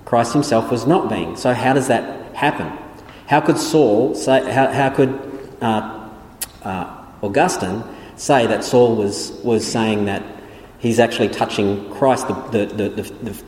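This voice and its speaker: This Bible teacher's theology lecture is explanatory but full of restarts and fillers as he keeps beginning his sentences again. He speaks a little slowly, with a medium-pitched, slightly mellow voice. An echoey room adds long reverb.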